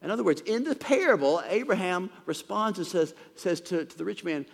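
A man preaching a sermon in a fairly high, animated voice that swings widely in pitch. He retells the passage and often stumbles over repeated words. The sound carries the long reverb of a large hall. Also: brisk, creaky, hardly any pauses. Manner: expository retelling with frequent stumbling word repeats.

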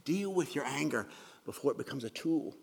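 A man preaching a sermon in an earnest way, with a gravelly, husky voice, dropping to soft whispers for emphasis. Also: mid-range voice, animated, brisk, big-room sound. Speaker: pastor.

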